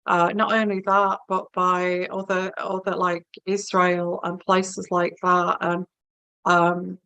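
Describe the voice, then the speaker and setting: A woman's voice: fairly low pitch, completely flat delivery, slow pace, pushed and bright, clear, resonant tone, no room sound, poor audio. A woman giving a live-streamed tarot reading, musing and hesitant, with many fillers and restarts. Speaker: tarot reader.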